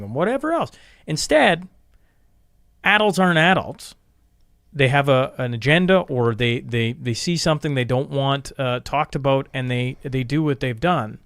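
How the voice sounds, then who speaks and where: A man's voice: on the high side, animated, measured pace, a bit bright, dry recording, clean studio sound. A man hosting a podcast, earnest and supportive, often stumbling over restarts. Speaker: podcast host. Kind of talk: interview conversation. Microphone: studio microphone.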